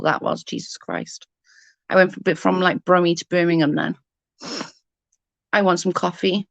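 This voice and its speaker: A woman's voice: lowish voice, steady tone, unhurried, gravelly, pauses often, no room sound, lo-fi sound. A middle-aged British woman chatting casually with viewers on a livestream, rambling as she answers comments.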